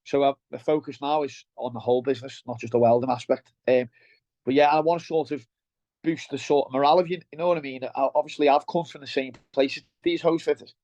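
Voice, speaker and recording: Fast-talking down-to-earth Merseyside man. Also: medium pitch, steady tone, a little mellow, no room sound. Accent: Merseyside English. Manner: blunt, down-to-earth, keeps saying "mate". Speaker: guest, welder turned operations head. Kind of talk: casual interview chat. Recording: dull lo-fi sound.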